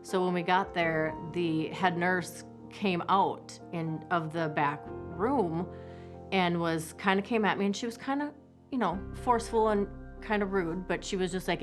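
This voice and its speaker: A woman, a mother recounting her family's story in a halting, heartfelt interview. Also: on the low side, music in the background. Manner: halting, with many restarts, reliving events. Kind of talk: personal testimony interview.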